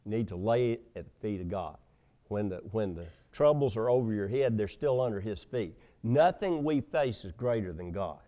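A man preaching a sermon, telling stories with loud emphasis and hushed asides. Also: mid-range voice, expressive, normal speed. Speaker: pastor.

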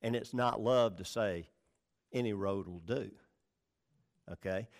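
Slow and fairly low-voiced, this male pastor delivers a conversational Bible-teaching sermon. He emphasizes key words as he reads scripture and frequently checks in with his listeners through "all right?" and "okay?".

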